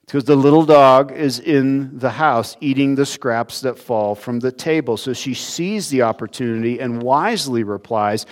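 A man preaching a sermon, expressive, moving between emphatic lines and hushed, quiet ones. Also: medium pitch, normal speed, few pauses.

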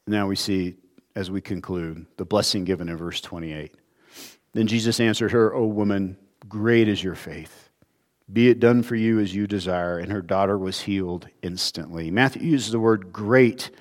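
A man preaching a sermon, expressive, moving between emphatic lines and hushed, quiet ones. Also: on the low side.

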